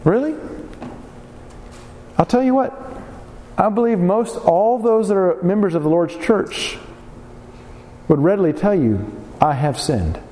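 A man preaching a sermon in a church hall, animated and firing rhetorical questions at his congregation. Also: high-pitched, measured pace, pauses often, slight background noise.

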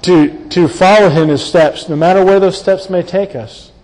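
Earnest high-voiced preacher in a reverberant hall. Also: male voice, steady tone, normal speed. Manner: earnest, emphatic, dips quiet for stress. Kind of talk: sermon, Bible exposition.

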